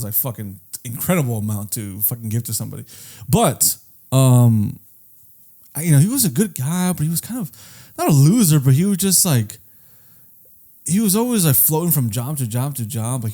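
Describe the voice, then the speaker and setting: A man's voice: mid-range voice, warm tone. A man co-hosting a podcast in casual chat, rambling through stories with lots of swearing and acting out what his friends said. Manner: rambling storyteller, swears often, acts out quoted friends. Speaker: podcast co-host.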